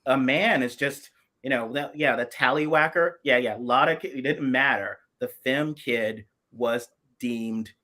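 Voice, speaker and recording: A man's voice: mid-range voice, unhurried, bright, forceful tone. Impassioned man on a video chat. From South Carolina. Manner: emphatic and impassioned, many restarts. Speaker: podcast co-host. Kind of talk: casual political chat.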